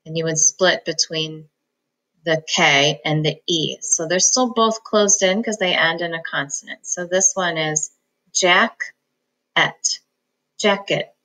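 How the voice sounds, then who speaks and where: A woman's voice: low voice, fairly even intonation, unhurried, sharp tone, rough recording. A woman teaching a phonics lesson, patiently sounding out words syllable by syllable. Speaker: reading teacher.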